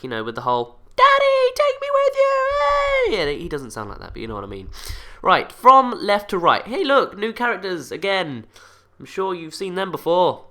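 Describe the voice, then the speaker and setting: A man hosting a casual video, talking through fan theories with jokey asides that drop into low mumbles. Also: sharp tone. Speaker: video host.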